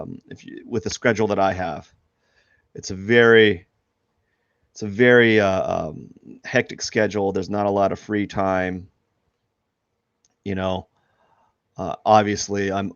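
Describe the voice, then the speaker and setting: A man's voice: lowish voice, no room sound. A man who is an artist chatting casually during a live drawing stream, rambling with many restarts and fillers, and laughing at himself. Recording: dull lo-fi dry sound.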